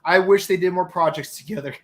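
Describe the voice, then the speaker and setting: A co-host of a casual fan review show, excitable and repeating words while getting started. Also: medium pitch, quick pace. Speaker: podcast co-host.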